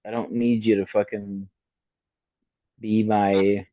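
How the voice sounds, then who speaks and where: A man's voice: lowish voice, level tone, slow, dry recording, phone-quality sound. A man in his forties co-hosting a podcast in casual chat, effusive, emphatic and freely profane. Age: 40s. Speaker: podcast co-host.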